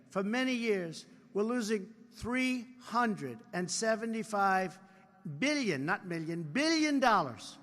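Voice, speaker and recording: At a live convention in a large hall, with reverb in the recording, a man in his seventies rambles through a political speech. His voice is high with a fairly bright tone, and he keeps repeating phrases and adding boastful asides.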